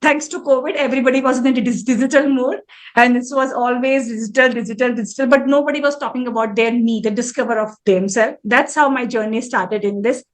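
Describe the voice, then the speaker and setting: Earnest high-voiced woman in her forties. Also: fairly even intonation, fairly quick. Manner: earnest, reflective, restarts phrases often. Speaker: interview guest, mandala artist. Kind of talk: interview answer to a live audience.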